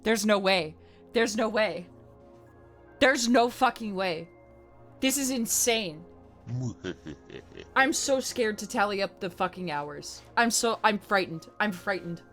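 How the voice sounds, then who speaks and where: Woman streamer with a bright, sharp voice and faint music behind her, chatting casually, swearing freely, quick to shout. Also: mid-range voice. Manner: excitable, swears a lot, swings between shouting and mumbling. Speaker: livestreamer. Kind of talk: casual livestream chat.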